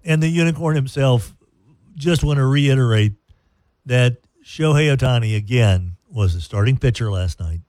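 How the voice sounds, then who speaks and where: Male radio host, mid pitch, casual rambling banter, dry studio mic. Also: lively intonation, normal speed, darkish tone, no echo. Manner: rambling, self-deprecating, jokey. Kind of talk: casual sports radio chat.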